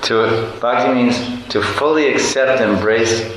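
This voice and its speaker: A man giving a devotional lecture as a spiritual teacher, animated and playful, often laughing and acting out voices. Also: medium pitch, measured pace. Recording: echoey room with background noise.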